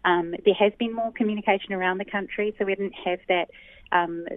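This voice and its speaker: A woman's voice: medium pitch, fairly even intonation, no echo. New woman on a phone line. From New Zealand. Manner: thoughtful, frequent ums, measured explaining. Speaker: linguist guest. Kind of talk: explanatory interview answers. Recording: dry, tinny phone line.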